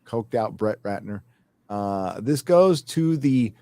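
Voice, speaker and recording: A man's voice: lowish voice, big pitch swings, measured pace, dark tone. A man hosting a casual panel chat, reading viewer donations aloud in a rambling way, with fillers and self-corrections.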